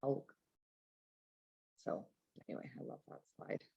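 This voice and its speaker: A woman's voice: low voice, moderate pace. A woman therapist giving a casual, chatty talk over slides. She often checks in with the listener by asking "right?". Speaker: trauma therapist. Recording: dull lo-fi recording.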